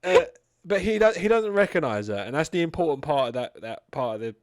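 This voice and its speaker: A man's voice: fairly high pitch, expressive, fairly quick, no room sound, studio quality. A man co-hosting a podcast, retelling movie scenes casually with swearing and frequent "right?". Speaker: podcast co-host. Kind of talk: casual chat, movie review.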